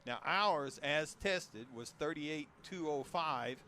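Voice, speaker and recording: A man's voice: fairly high pitch, slow, pushed and bright, slight background noise. A man co-hosting a car show, chatting casually and reeling off prices and specs. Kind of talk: casual outdoor chat.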